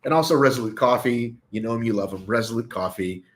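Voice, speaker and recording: A man's voice: mid-range voice, quick pace, rough recording. A man hosting a live online show, joking around and swearing freely in casual chat.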